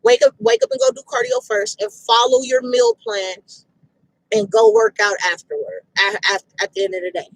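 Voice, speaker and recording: A woman gives an emphatic, casual fitness pep talk outdoors, a direct motivator who repeats her points bluntly using street slang. Her very high voice swings widely in pitch, shows vocal fry, and moves at normal speed. The recording is low quality.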